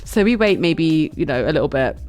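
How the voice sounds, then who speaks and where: A young woman streamer telling a chaotic travel story in casual chat, animated and full of fillers and restarts. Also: low voice, brisk, music in the background.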